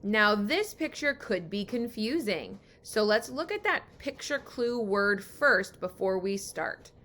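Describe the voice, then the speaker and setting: Woman teacher doing a kids reading lesson, super slow, bright tone, lots of praise. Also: medium pitch, very animated. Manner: slow, encouraging, with drawn-out words. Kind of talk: guided reading lesson for young children.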